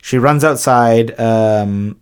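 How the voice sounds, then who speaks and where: A man's voice: medium pitch, slow, clear, resonant tone. A man co-hosting a podcast, casually and profanely retelling a film's plot. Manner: loose, profane retelling with acted-out quotes. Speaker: podcast co-host. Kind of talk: casual movie recap chat.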